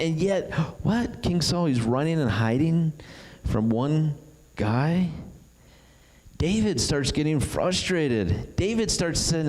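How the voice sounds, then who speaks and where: A man preaching a sermon, retelling a story with animated delivery and acting out the characters' voices. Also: fairly high pitch, a little slow. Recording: long hall reverb.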